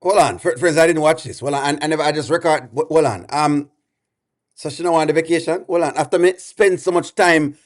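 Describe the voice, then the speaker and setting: A man's voice: on the high side, a little fast. Exasperated man on a live stream. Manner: exasperated, repeats himself a lot, pleading with chat. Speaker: reaction streamer. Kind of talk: live-stream reaction commentary.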